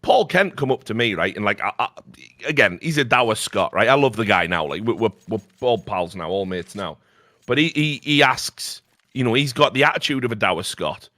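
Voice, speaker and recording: A man's voice: lowish voice, lively intonation, pushed and bright, dry recording. A middle-aged man, telling a story as a talk show host in a blunt way, with lots of swearing. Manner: profane, blunt, fast-flowing anecdote with lots of swearing. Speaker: podcast host.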